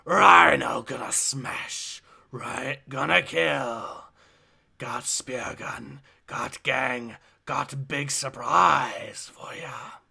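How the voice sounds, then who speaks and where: A man voicing a brutish male rhino gang leader in deep, growled, broken phrases. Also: drawn-out words, creaky, bright, forceful tone, breathy edge, full character voice. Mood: menacing. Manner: broken, grunting short phrases.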